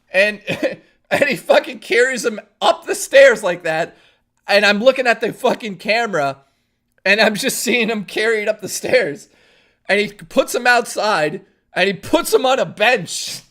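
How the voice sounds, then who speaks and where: A man streaming from home, telling a long anecdote to his chat in a casual, profane, lively way. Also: high-pitched.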